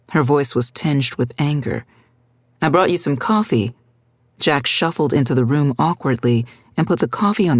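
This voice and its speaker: A woman narrates a drama in a low, slightly husky voice. Her storytelling is steady and measured. The sound is close and dry. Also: dry recording. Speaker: audiobook narrator.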